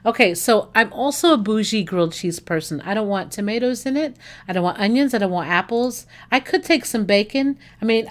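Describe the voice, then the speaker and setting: A woman from the United States hosting a livestream, chatting casually with viewers, enthusiastic and gushing about food, rambling with fillers and self-corrections. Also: on the high side. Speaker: livestream host.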